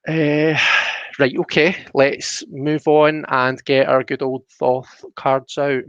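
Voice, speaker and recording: A Scottish man of middle pitch talks through tarot cards on a live stream, friendly and explanatory, often stopping to restart a sentence. The audio is dull and lo-fi, and the dry sound has no room echo. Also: level tone, slow pace, clear, resonant tone. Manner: chatty, explanatory, full of "you know" fillers and restarts. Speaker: tarot reader on a livestream.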